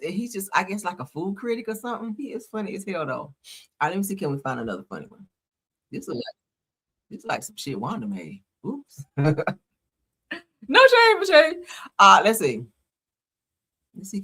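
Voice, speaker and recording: Lively blunt woman host. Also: low-pitched, slightly rough. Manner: animated, blunt, slangy chat with profanity. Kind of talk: casual reaction commentary.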